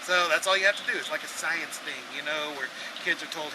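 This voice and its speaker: Man, high voice, sarcastic animated sermon, windy outdoor recording. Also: fast, hardly any pauses. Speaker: preacher. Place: outdoors at a campsite.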